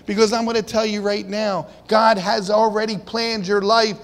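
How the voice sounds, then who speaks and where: A man's voice: high voice, steady tone, normal speed. A man preaching a sermon in a conversational way, asking his congregation questions and acting out the people in the story. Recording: long hall reverb.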